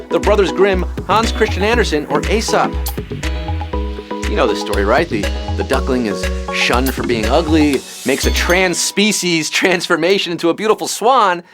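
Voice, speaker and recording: Male quizmaster with a high voice and a stream of puns, over soft music. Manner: punny, jokey, fast-talking quizmaster. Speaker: quiz show host. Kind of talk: live trivia show hosting.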